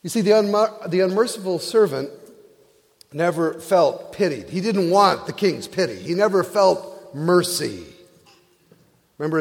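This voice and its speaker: A man's voice: high voice, in a large hall. A male pastor preaching a sermon, retelling a parable with playful asides.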